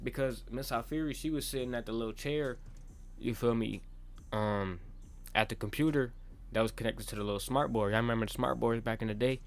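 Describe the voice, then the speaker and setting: A young man narrates a personal story in a relaxed vlog monologue. His talk is full of slang and swearing, and it runs on in loose bursts with frequent restarts. He keeps checking in with the listener as he goes. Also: mid-range voice, a little fast. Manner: talks in loose run-on bursts with many restarts. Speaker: vlogger.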